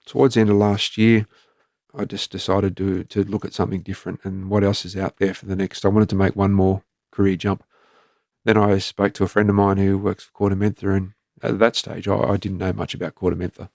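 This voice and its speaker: A low-pitched, creaky man's voice, a little mellow, delivers brisk, flat speech with no echo in studio quality. He's an Australian ex-police commander in his fifties, a guest telling frank stories in a straightforward conversational way.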